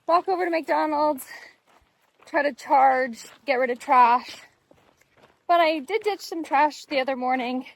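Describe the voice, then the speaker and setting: A woman vlogging on a desert mountain trail, chatty and exclaiming often at the views while she walks with a handheld camera. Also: high-pitched. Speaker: thru-hiker vlogger. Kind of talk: casual trail vlog narration.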